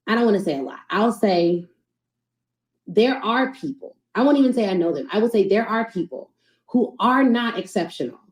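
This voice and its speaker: Woman host, warm mellow voice, lively coaching chat, roomy echo. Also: medium pitch. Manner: animated, conversational, addresses audience as y'all. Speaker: podcast host and sales coach. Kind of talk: casual live-stream coaching talk.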